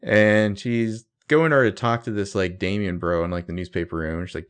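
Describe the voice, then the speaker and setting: A man's voice: deep voice, fairly quick, few pauses, smooth. A man co-hosting a podcast, dryly recapping TV scenes in casual chat and reading out the characters' lines. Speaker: podcast co-host.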